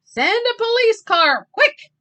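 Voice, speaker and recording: A woman voicing an excitable male traffic policeman calling headquarters in an urgent, raised storybook voice. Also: sits high, measured pace, pitched above the performer's own voice.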